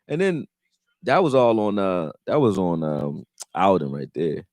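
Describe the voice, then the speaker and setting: A man hosting a live stream, chatting loosely with slang and getting loud and heated when reacting to plays. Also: sits low, very animated, unhurried, no room sound, studio quality. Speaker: livestream host reacting to a football game. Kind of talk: casual live commentary chat.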